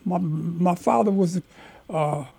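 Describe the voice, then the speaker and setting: An older man, a community elder, telling stories from his life in an animated, emphatic way as an interview guest. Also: high voice, measured pace, vocal fry, slightly rough. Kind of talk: storytelling in conversation.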